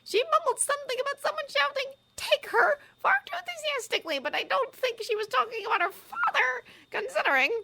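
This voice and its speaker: A tiny old wizard professor squeaks along in an amused, very high voice, played by a woman reading the story. His tone stays bright and keen. It sounds like a storybook reading. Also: lively intonation, fairly quick, vocal fry, few pauses, full character voice.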